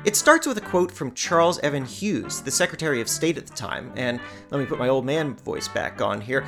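A woman's voice: a bass voice, very animated, brisk, over music. A woman hosting a podcast, narrating a script with wry, playful asides. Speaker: podcast host.

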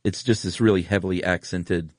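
Deep-voiced laid-back man. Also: steady tone, fairly quick, no echo. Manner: laid-back, enthusiastic storyteller who laughs often. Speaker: podcast co-host. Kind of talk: casual chat.

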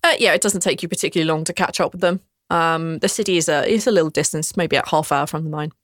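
A woman's voice: sits low, fast talker, dry recording, studio quality. A woman narrating a tabletop game as game master, casual and descriptive with frequent fillers.

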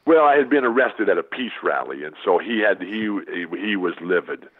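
Older male interview guest, low husky voice, emphatic storyteller, narrow telephone audio. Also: expressive, brisk. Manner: exuberant, emphatic, repetitive restarts. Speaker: guest, former basketball player. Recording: phone-like narrow band.

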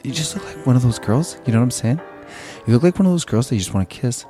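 A man's voice: medium pitch, lively intonation, fast talker, dark tone, faint music behind, close to an everyday voice. A man playing a cocky, pushy movie star who is always out of breath, in an improvised comedy sketch. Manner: pushy, panting, streetwise.

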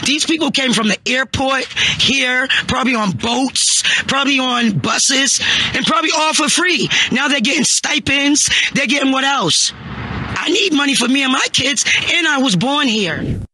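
Very high, piercing upset woman. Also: measured pace, sharp tone, slight background noise. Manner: upset, impassioned, raised voice. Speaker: interviewed mother.

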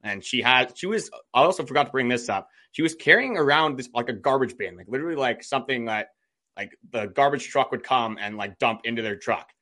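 A man's voice: medium pitch, expressive, fairly quick, bright, forceful tone. A man co-hosting a podcast, telling a story in a chatty way full of "like" and quoted dialogue. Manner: chatty, many "like" fillers, quotes himself. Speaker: podcast co-host. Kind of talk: casual storytelling chat.

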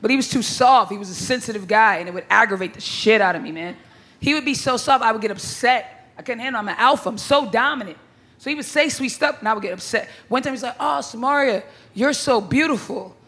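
A woman's voice: fairly high pitch, quick pace, fairly bright tone. A woman performing a stand-up comedy set, brash and blunt, with crude punchlines and bursts of laughter. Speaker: stand-up comic.

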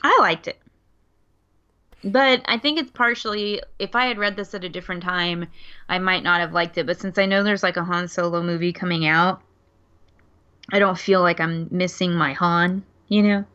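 A woman's voice: on the low side, steady tone, moderate pace, bright, forceful tone, smooth. A woman co-hosting a casual podcast about comics, blunt and playful in her opinions. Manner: playful, blunt, acts out quotes. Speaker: podcast co-host. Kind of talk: casual comic book review chat. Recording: dull lo-fi sound.

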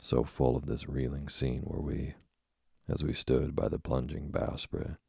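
Deep gravelly guy reading an old sea novel, husky, flat, measured and dramatic. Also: no echo, clean studio sound. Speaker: narrator. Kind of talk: audiobook reading of a classic novel.

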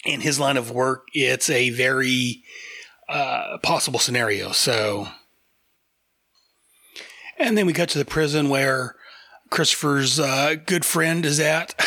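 A man's voice: mid-range voice, sharp tone, no room sound, clean studio sound. A man hosting a casual comic review chat, enthusiastic and rambling, with frequent fillers. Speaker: podcast host reviewing comics.

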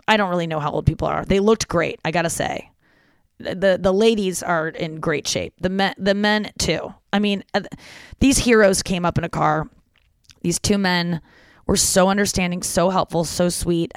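A young adult host telling a story in casual chat, animated and full of "like" and swearing. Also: medium pitch, clear, resonant tone, dry recording, studio quality. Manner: animated, chatty, lots of "like" and swearing.

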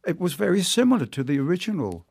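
A man speaks in an interview with eager enthusiasm and tells his stories in an animated way. His voice has a gravelly edge, and the sound is dry and close. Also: sits high, fast talker, no echo. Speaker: audiobook narrator, guest. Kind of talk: interview conversation.

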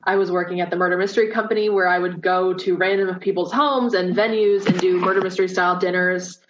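A woman's voice: fairly low pitch, steady tone, fast talker, noisy background. A young woman from Southern California who teaches theater, chatting casually on a video call and filling her talk with "like". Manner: chatty, many "like" fillers. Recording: dull lo-fi call audio.

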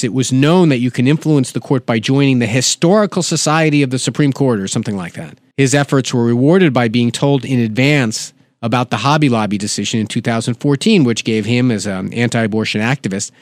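A man's voice: mid-range voice, dry recording, clean studio sound. A man hosting a political podcast, delivering sardonic commentary and reading quotes aloud with asides. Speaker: podcast host.

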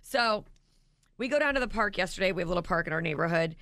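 A woman's voice: lowish voice, fast talker, vocal fry, dry recording, clean studio sound. A woman co-hosting a radio show, telling a story in casual chat and acting out the quotes with gusto. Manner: animated storyteller who acts out quotes.

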